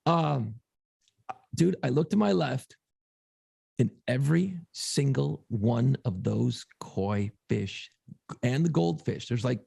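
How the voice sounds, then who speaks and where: A man co-hosting a podcast, telling a long story in a casual, profane, animated way. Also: medium pitch, slow pace, creaky, slightly rough. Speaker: podcast co-host.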